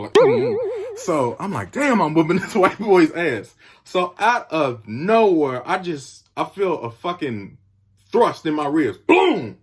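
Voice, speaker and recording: A young man telling a story in casual talk, acting out the quotes and the sound effects. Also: fairly high pitch.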